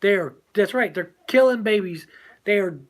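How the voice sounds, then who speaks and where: A man's voice: high voice, moderate pace. An older man co-hosting a casual talk show, speaking in a preachy, emphatic way and laughing often. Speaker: co-host.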